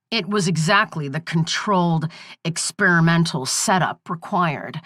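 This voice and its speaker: A woman's voice: fairly low pitch, fairly bright tone, no echo, studio quality. A woman reading the part of a ruthless male scientist who threatens and coldly explains himself, in a menacing, matter-of-fact way.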